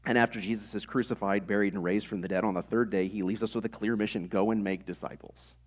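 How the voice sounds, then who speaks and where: A man's voice: fairly low pitch, fairly even intonation, fast, muffled recording. A man in his thirties preaching a sermon in a conversational way, with rhetorical questions to the congregation. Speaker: pastor.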